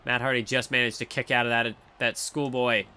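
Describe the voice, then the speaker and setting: A young man doing play-by-play commentary over a wrestling video game, excitable and rambling, often correcting himself mid-sentence. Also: mid-range voice, brisk, clear, resonant tone.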